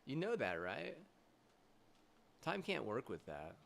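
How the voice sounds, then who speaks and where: A young man streaming live, ranting angrily with constant swearing, halting restarts and loud agitated bursts. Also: medium pitch, huge pitch swings, creaky, slight background noise. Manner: heated, profane, swearing constantly; halting restarts, trailing fillers. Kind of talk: angry livestream rant.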